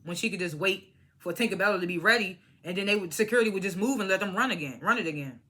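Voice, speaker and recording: A woman's voice: medium pitch, fast talker, pushed and bright, slightly rough. Blunt, cursing young woman reviewing reality TV. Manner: blunt, profane and opinionated, mimics cast members. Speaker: reality TV recap vlogger. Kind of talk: casual reality show review.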